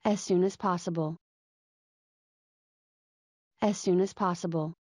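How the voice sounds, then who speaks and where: A woman's voice: fairly low pitch, steady tone, slow, darkish tone, no echo, clean studio sound. A woman reading short everyday English phrases for learners, each one twice, carefully enunciated.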